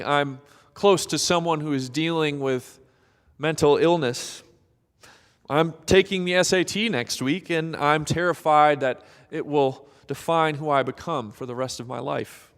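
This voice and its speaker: A male pastor preaching a sermon, dramatic and expressive, sometimes acting out the voices of people in the story. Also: on the high side, unhurried, clean tone, long reverb tail.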